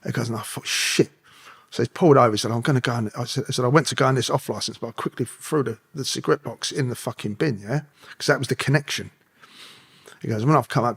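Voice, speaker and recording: A man's voice: medium pitch, slightly rough. A middle-aged man, telling his story casually, swearing constantly, laughing and acting out what people said.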